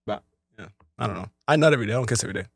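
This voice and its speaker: A man's voice: lowish voice, animated, rapid-fire, creaky, no echo. A man co-hosting a casual podcast chat, slangy and laid-back, laughing often. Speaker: podcast co-host.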